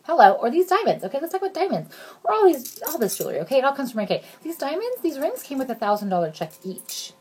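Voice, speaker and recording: A woman's voice: high-pitched, sing-song, fast talker, darkish tone, a little hiss or hum. Bubbly, chatty woman in her thirties. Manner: bubbly, chatty, jokey, addresses viewers directly. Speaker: direct sales consultant. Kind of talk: casual sales pitch to viewers.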